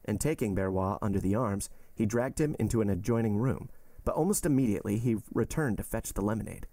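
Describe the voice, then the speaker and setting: Low, gravelly male narrator. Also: no echo. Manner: steady, measured reading. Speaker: podcast host reading a novel aloud. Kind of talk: audiobook-style narration.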